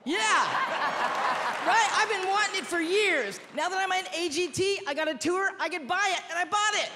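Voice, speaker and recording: A woman's voice: very high-pitched, normal speed, very noisy. Brassy woman doing stand-up in a big hall. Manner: brassy, punchy delivery to a cheering crowd. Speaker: stand-up comedian. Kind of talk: stand-up comedy routine. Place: large TV studio stage. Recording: reverberant hall with loud crowd.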